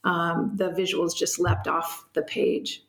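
Female professor guest, fond and enthusiastic, lowish voice, roomy echo. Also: level tone, slow pace, vocal fry. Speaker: guest author, history professor. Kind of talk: casual interview talk.

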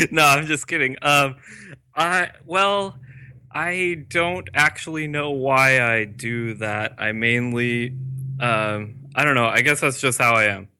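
Male guest, slow-talking and hesitant, clear bright voice. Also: mid-range voice. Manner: halting, joking, full of fillers. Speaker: interview guest. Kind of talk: casual chat.

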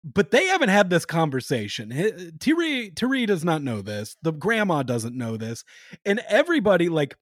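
A man with a slightly high, very lively voice, talking over a movie with a friend. He jokes, swears and riffs loosely. The sound is close and dry. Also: moderate pace, dry recording. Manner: animated, profane, joking. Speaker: podcast co-host. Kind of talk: casual chat.

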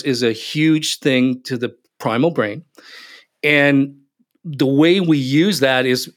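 An emphatic man guest in a relaxed podcast interview. His voice sits somewhat high for a man and he punches key words. He acts out the people in his stories as he talks. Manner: animated, emphatic, acts out quotes. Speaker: podcast guest, business speaker. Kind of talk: casual interview storytelling.

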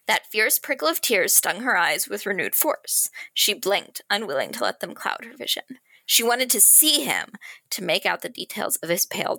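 Woman, podcast co-host, bright tone, lively pitch, excitable. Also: creaky, no echo. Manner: excitable, laughs easily. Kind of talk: casual book chat and reading aloud.

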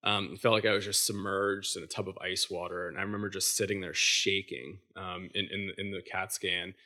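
A man in his thirties, a podcast guest telling a personal story casually, halting with many fillers and restarts. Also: sits low, little pitch movement, sharp tone.

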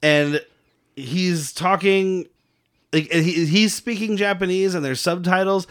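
A man's voice: high-pitched, unhurried, a bit bright. A man co-hosting a movie podcast, talking in a rambling, profane way and laughing often. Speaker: podcast co-host reviewing a bad movie. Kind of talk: casual chat.

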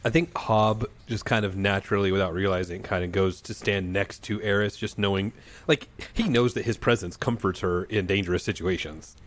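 This is a deep-voiced man playing a tabletop game with friends. He is wordy and dry, and his voice sits very low. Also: fairly even intonation, moderate pace. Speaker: player. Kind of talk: casual tabletop play.

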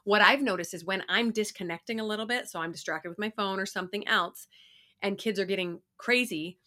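A woman's voice: mid-range voice, brisk, sharp tone. A middle-aged woman co-hosting a podcast, chatting earnestly and laughing often. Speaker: podcast co-host. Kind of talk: casual chat.

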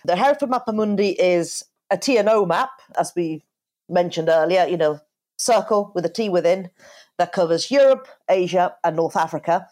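A woman's voice: lowish voice, darkish tone. A woman co-hosting a podcast, explaining things with a playful, dry sense of humor. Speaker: podcast co-host. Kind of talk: casual podcast chat.

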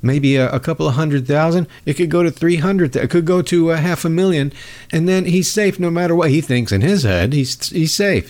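A man's voice: fairly high pitch, normal speed, a little mellow. A man hosting a podcast, delivering a sarcastic, mocking comedic political monologue. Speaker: podcast host.

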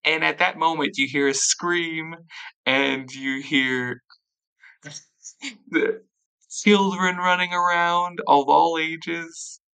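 A gravelly, bright-toned game master leads a tabletop game. The narration rambles loosely as it moves the scene along. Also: medium pitch, fairly even intonation, takes it slowly, low-quality recording.

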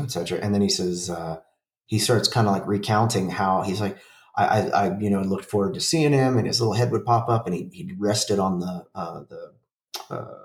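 A man in his forties talks loosely and profanely, stumbling through restarts and fillers as he tells his story. His voice sits low. He sounds set back from the microphone, in a room that echoes. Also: distant mic. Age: 40s. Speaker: podcast co-host. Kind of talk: casual chat.

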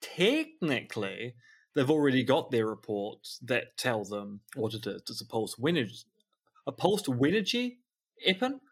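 A man's voice: medium pitch, expressive, measured pace, husky. A man co-hosting a podcast in casual chat, building dry jokes and wordplay. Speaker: podcast co-host.

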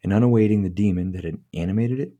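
A deep-voiced man with a dark, mellow tone hosts a podcast. He reads old-fashioned prose aloud, stumbles over the wording, and drops into loose, profane asides between passages. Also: rapid-fire, dull audio. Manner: stumbles over words, swears freely, chuckles at the text. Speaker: podcast host. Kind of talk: reading a book aloud with casual commentary.

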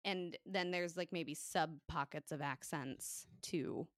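A young American woman with a light Minnesotan accent, chatting casually as a podcast co-host with a nasal, vocal-fry tone and lots of asides. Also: low-pitched, takes it slowly, dry recording, studio quality. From United States. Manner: chatty, giggly, full of asides. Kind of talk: casual chat.

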